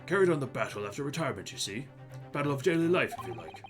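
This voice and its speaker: A man's voice: medium pitch, big pitch swings, very fast, over music. A man doing a blustering old army officer. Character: blustering retired male army officer, jury foreman. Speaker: streamer voicing game characters. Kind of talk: reading game dialogue aloud in character voices.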